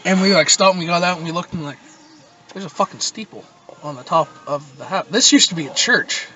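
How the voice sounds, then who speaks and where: A man's voice: a little high, expressive, fairly quick. A young man from Nova Scotia, Canada, telling a rambling, profane story in casual podcast chat. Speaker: podcast host. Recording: muffled distant mic with loud noise.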